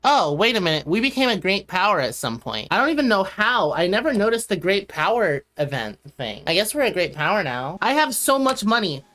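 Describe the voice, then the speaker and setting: A woman talking casually over a strategy game, her voice pitched in a middle range. She jokes, rambles off on tangents and swears freely. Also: big pitch swings, fairly quick, hardly any pauses, fairly bright tone. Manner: joking, rambling, swears often. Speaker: gaming video creator.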